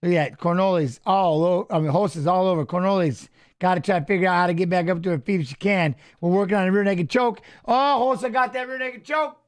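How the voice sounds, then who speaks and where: A man's voice: sits high, fast, hardly any pauses, a little mellow. A man casually commenting on a fight as he watches along, rambling and swearing while telling stories between the action. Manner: rambling, profane, restarts and fillers.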